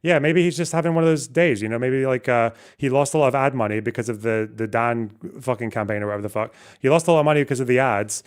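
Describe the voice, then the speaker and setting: A man's voice: mid-range voice, quick pace, few pauses, clean tone. A man hosting a casual livestream, commenting with sardonic asides and swearing freely. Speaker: livestream host.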